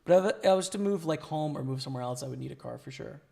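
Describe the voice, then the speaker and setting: A man's voice: a little high, expressive, fast talker, creaky, dark tone. A young man chatting casually with his stream chat and thinking aloud about poker hands, his voice worn from talking. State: losing his voice. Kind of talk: live-stream commentary.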